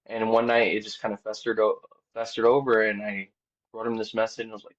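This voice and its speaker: A band vocalist guesting on a podcast tells a personal story a little fast, rambling casually with lots of "like" and quoted back-and-forth. He's mostly quiet and low-key but lifts when excited, and the audio sounds dull and muffled.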